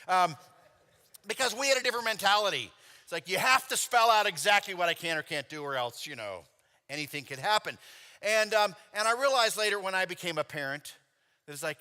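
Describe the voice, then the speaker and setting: Animated male preacher telling stories. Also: high voice, fairly quick. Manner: animated, acts out dialogue, casual fillers. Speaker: convention speaker. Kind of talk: sermon with storytelling. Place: church sanctuary. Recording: long hall reverb in a church.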